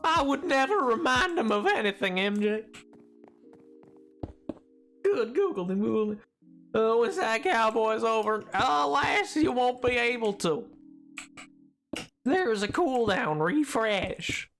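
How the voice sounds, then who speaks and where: A man's voice: very high-pitched, expressive, a little slow, fairly bright tone, soft background music. A man streaming a game, chatting casually in a goofy, rambling, playful way, a little tired. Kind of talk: casual live-stream chat while gaming.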